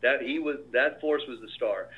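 A film director telling stories in a casual interview, acting out what people said. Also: male voice, mid-range voice, moderate pace, slightly rough. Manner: animated storyteller, acts out quoted dialogue. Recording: tinny phone-like line.

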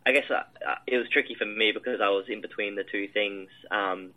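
A man's voice: on the low side, fairly even intonation, fairly quick, highs cut off. A man, a film director, describing his shoot in a casual interview, rambling with many fillers and restarts.

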